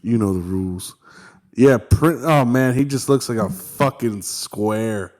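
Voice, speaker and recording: A man's voice: medium pitch, measured pace, a little mellow. A young man co-hosting a podcast in casual, profane banter, laid-back and peppered with "dude.". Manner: laid-back, swears a lot, says "dude". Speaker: podcast co-host. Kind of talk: casual chat.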